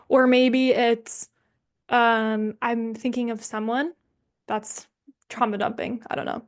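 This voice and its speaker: A young woman guides an online somatics workshop in a casual, candid way, thinking aloud and dropping the odd swear word. Her voice sits a little higher than most. She comes through a video call microphone. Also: fairly even intonation, a little slow.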